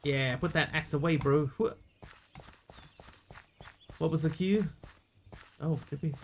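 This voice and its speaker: Man, gravelly voice, game streamer, casual viewer chat, yelps at hits, clear background noise. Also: a little high, slow. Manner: reacts aloud to in-game hits while chatting with viewers.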